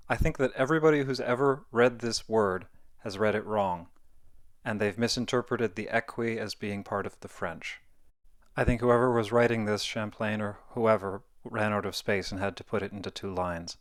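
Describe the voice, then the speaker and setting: Low-voiced man thinking aloud. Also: normal speed, no echo, studio quality. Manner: thinking aloud, self-correcting. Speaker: video essayist. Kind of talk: casual explainer monologue.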